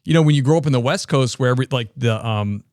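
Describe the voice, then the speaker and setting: Male interview host from the Boston area, mid-pitch, eager and talkative, dry recording. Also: fast, a little mellow, no echo. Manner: chatty, enthusiastic, many fillers. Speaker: podcast host. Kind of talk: casual interview chat.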